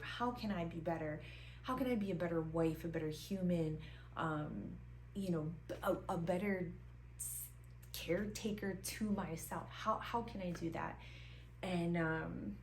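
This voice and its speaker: A woman in her forties speaks to her camera in a relaxed motivational vlog. Her voice sits a little low, and she leans hard on key words, repeating phrases and filling pauses with ums. Faint room hiss hangs behind her. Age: 40s. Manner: emphatic, repeats herself for stress, many ums. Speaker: vlogger. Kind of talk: casual motivational talk to camera. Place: seated indoors in front of the camera.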